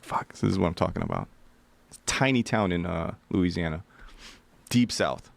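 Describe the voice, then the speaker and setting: A man's voice: sits low, moderate pace, creaky. A man telling a wild hitchhiking story in a casual, profane way, acting out what people said. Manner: animated, profane, acts out quotes.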